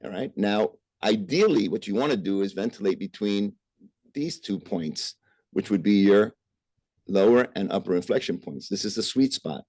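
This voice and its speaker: A man's voice: on the low side, animated, normal speed, a little mellow, dry recording. A man giving a virtual medical lecture, explaining step by step with frequent "uh" and "right?" checks. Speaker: physician lecturer. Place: remote presentation over a call.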